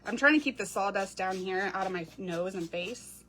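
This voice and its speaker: A woman's voice: medium pitch, moderate pace, a bit bright. A woman chatting casually while she crafts, answering viewers as she works. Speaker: craft creator. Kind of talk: casual crafting livestream chat.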